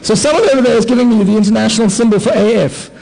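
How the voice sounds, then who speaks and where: A man tells comic stories about himself to a live audience. His voice sits fairly high, and he delivers the talk with animated, self-deprecating asides and playful sound effects. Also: racing, gravelly, rough recording. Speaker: conference speaker, anaesthetist. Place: conference hall with an audience.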